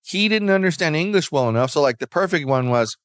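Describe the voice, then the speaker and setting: A man's voice: a little high, animated, a little fast, no room sound, clean studio sound. A man co-hosting a podcast, chatting casually and rambling through a recap of a TV show with restarts. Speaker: podcast co-host. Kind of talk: casual chat.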